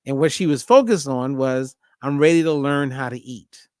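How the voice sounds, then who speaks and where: A man hosting a casual podcast conversation as a diet coach, telling a story with lively acted-out dialogue. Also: medium pitch, moderate pace, smooth, dry recording, studio quality. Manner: animated storyteller acting out both sides of a phone call.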